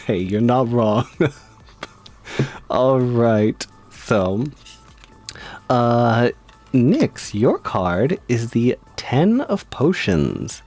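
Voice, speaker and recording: A man's voice: mid-range voice, sing-song, extremely slow, long pauses, darkish tone, faint music behind. A man streaming live, chatting casually and reading tarot cards, giggly and rambling with frequent laughs.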